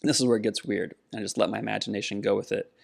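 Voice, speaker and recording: A man's voice: on the low side, fairly even intonation, fast, vocal fry. A middle-aged man co-hosting a podcast, telling a personal story earnestly in casual conversation. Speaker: podcast co-host.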